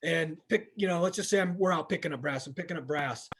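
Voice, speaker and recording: A man's voice: fairly high pitch, fast, slightly rough. A middle-aged man, an instructor, giving a candid, plainspoken training talk and retelling conversations, often restarting his sentences. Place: training session room.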